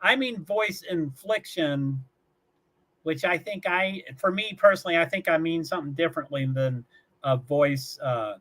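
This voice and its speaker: A man's voice: a little high, normal speed, fairly bright tone. A man from Kentucky hosting a casual livestream from his small apartment, reading chat messages aloud, rambling, repeating words and chuckling often. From Louisville, Kentucky. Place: small one-bedroom apartment.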